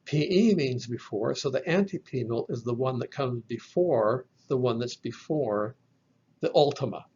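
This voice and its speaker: A man teaching from slides, explaining each term slowly and carefully and spelling words out letter by letter. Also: mid-range voice, animated, darkish tone, breathy edge, muffled recording. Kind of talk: slide lecture.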